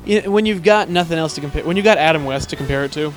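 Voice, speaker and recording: A man's voice: fairly high pitch, fast, faint music behind. A man co-hosting a casual chat, joking and swearing as he rambles. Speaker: podcast co-host.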